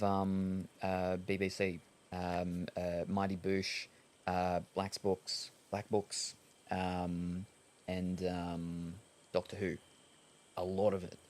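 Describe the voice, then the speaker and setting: An Australian man chatting casually while streaming a game, rambling and hesitant with lots of ums and uhs. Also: sits low. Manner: rambling, hesitant, many fillers. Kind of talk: casual chat while gaming.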